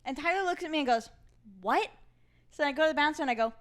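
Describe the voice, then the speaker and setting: A young woman co-hosts a podcast in casual chat. Her voice sits high, and she tells a story with lively acted-out quotes. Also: very fast. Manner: animated, acts out quoted voices. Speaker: podcast co-host.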